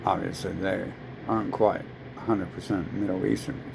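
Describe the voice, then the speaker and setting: Gravelly man ranting. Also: low voice, steady tone, moderate pace, noisy background. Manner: profane, rambling, heated. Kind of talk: casual rant to camera.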